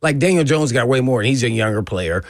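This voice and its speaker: A male sports radio co-host in casual studio talk, loose and quick with laughs and asides. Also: medium pitch, expressive, dry recording.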